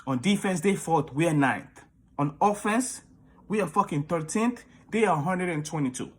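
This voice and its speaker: A man's voice: a little high, animated, moderate pace, husky. A young adult man giving a hyped, profane, trash-talking fan preview of a football game. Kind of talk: hyped fan video commentary.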